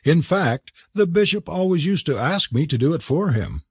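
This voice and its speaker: A man's voice: on the high side, sing-song, moderate pace, slightly rough, no echo, clean studio sound, voice pushed up, exaggerated voice. A man voicing a prim, flustered young male curate who stammers when cornered. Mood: fussy.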